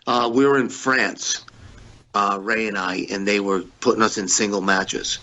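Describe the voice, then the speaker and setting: A man's voice: fairly low pitch, unhurried, lo-fi sound. Blunt, profane man telling stories. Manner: blunt, profane, animated when quoting others. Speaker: guest, former pro wrestler. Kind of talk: candid storytelling interview.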